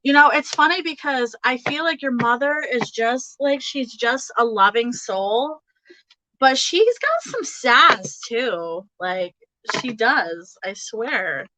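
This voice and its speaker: A woman's voice: fairly high pitch, animated, takes it slowly, sharp tone, poor audio. A young woman giving a casual, chatty tarot reading, giggling often and speaking straight to her viewers. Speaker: tarot reader.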